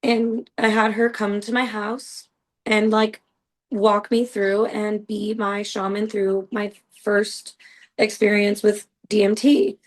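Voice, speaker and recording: A woman's voice: mid-range voice, flat delivery, slow, rough recording. A woman hosting a podcast, telling a personal story in a casual, earnest and rambling way, full of "like" and "you know". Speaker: podcast host.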